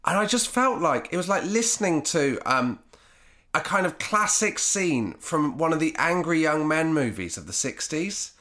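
A man chatting on a podcast, rambling and reflective, piling up little hedges as he thinks aloud. His voice is bright and slightly high. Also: sing-song, moderate pace. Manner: rambling, reflective, lots of 'kind of'. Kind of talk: casual chat.

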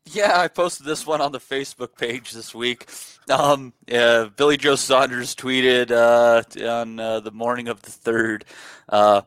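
A man co-hosting a boxing podcast, talking haltingly with many fillers and cracking crude jokes. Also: medium pitch, fairly even intonation, fairly bright tone, smooth, no echo. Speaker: podcast co-host. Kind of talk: casual boxing chat.

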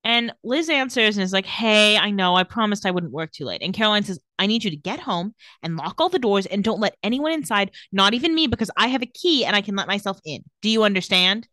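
A woman's voice: medium pitch, lively intonation, fast talker, hardly any pauses, pushed and bright, no room sound, studio quality. A woman in casual chat, recapping TV scenes and acting out the characters' lines. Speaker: podcast co-host recapping a TV episode.

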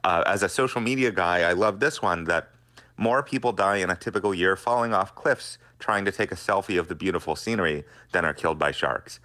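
A man's voice: low voice, a little fast, bright, forceful tone. A middle-aged man, a scientist guest on a radio interview, explaining earnestly.

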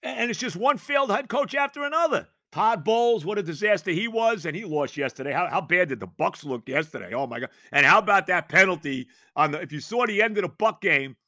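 Exasperated high-voiced sports ranter. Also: male voice, expressive, bright, forceful tone, no echo, studio quality. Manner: exasperated, sarcastic, rapid rhetorical questions. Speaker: sports talk host. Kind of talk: ranting sports commentary monologue.

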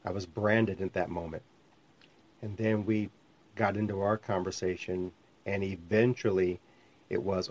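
Low-voiced man hosting a ministry podcast. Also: steady tone, a little slow, darkish tone. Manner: rambling, often restarts and self-corrects. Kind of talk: conversational teaching podcast. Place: home studio called the lab. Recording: slightly muffled lo-fi sound.

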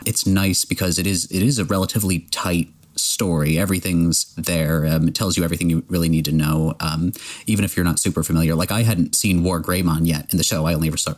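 A man's voice: deep voice, fairly even intonation, fast talker. A man hosting a casual podcast discussion, rambling with plenty of fillers and restarts.

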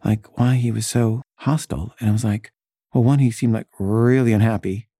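A man's voice: fairly low pitch, fairly even intonation, moderate pace, dark tone, breathy edge, no echo, studio quality. A man casually telling a personal story, full of "like" and "you know" fillers. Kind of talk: casual anecdote. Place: San Francisco resident in the past, not now.

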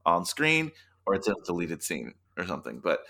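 A man's voice: low-pitched, wildly swooping pitch, fairly quick, vocal fry, bright, forceful tone. A man co-hosting a podcast in casual chat, making wry, chatty asides. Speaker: podcast co-host.

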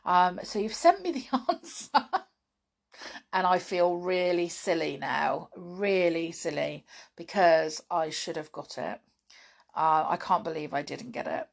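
A woman's voice: on the low side, vocal fry. A British woman hosting a children's podcast, chatting playfully to young listeners about riddles and fun facts, often laughing.

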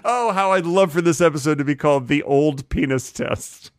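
Deadpan middle-aged man in dry podcast banter. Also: fairly high pitch, normal speed, clean tone, no echo. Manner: deadpan absurd claims, insistent. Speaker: podcast co-host. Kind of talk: improvised comedy banter.

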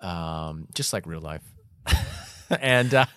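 Animated joking man on a podcast. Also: sits low, slow, clear, resonant tone, no room sound, clean studio sound. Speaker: podcast co-host. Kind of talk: casual comedic podcast chat.

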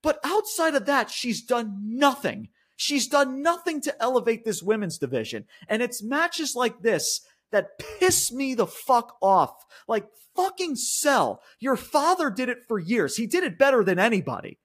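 Profane ranting man, high lively voice. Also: normal speed, hardly any pauses. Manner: frequent fillers and restarts like "like". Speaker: wrestling podcast co-host. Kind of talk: casual wrestling review chat.

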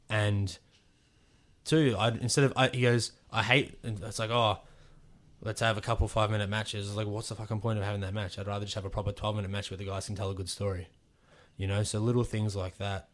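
A young man with an Australian accent, a guest wrestler chatting casually on a podcast. He rambles, swears freely and acts out quoted dialogue. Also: lowish voice.

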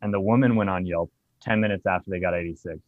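Bar owner, male, low voice, profane storyteller; dry, dull lo-fi recording. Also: fast talker, dry recording. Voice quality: profane, animated anecdote telling. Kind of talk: casual storytelling.

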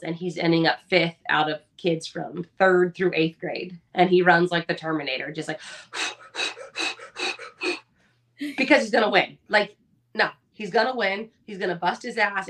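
A podcast co-host in her thirties and mother of four speaks with a lowish voice and a fairly bright tone. She chats candidly and with animation, swearing now and then.

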